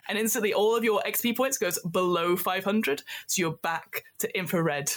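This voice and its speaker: A woman's voice: fairly low pitch, a little slow. A woman narrating a tabletop game as game master, describing scenes in a loose way with many fillers. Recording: echoey room.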